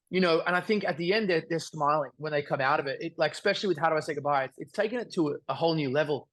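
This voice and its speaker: An earnest Australian man in his thirties chats as an interview guest, his voice sitting a little high. He rambles along with fillers and restarts. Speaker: singer-songwriter guest. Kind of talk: casual interview chat.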